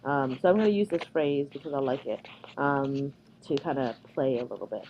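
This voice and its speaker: A woman's voice: a bass voice, normal speed, warm tone, highs cut off, a little hiss or hum. A woman from Canada giving a conversational recorded slide lecture, with frequent ums and uhs. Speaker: workshop presenter.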